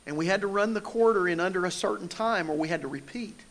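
A man's voice: sits high, fast, a bit bright. Man preaching with a storyteller's touch. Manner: storytelling, conversational with rising emphasis. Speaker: pastor. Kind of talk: sermon.

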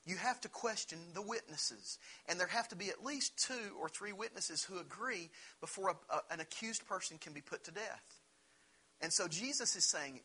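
A man preaching a sermon, earnest and emphatic, rising in pitch when he acts out scripture. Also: lively intonation, moderate pace, bright, forceful tone, breathy edge, poor audio. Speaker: pastor.

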